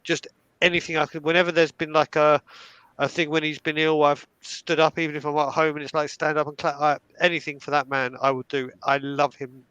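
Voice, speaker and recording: A young man tells stories in an animated, casual way, often stumbling into restarts. His voice sits fairly high and sounds smooth and resonant. The sound is close and dry. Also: a little fast, no echo, highs cut off. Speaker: fan telling stories on a live stream. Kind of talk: casual storytelling.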